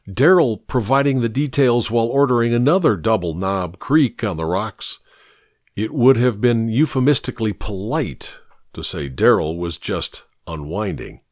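A man reading a story aloud in a measured storytelling manner. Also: lowish voice, dry recording, studio quality. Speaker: narrator. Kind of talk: audiobook narration.

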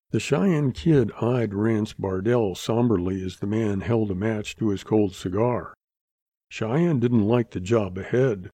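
A man narrating a Western novel as an audiobook, in a steady, measured storytelling manner. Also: lowish voice, no echo.

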